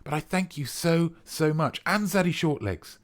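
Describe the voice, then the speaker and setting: An Englishman with a refined RP accent hosts a live-streamed character comedy show, playfully pompous, grandiose and theatrical. His voice is fairly high-pitched, with lively intonation and a moderate pace.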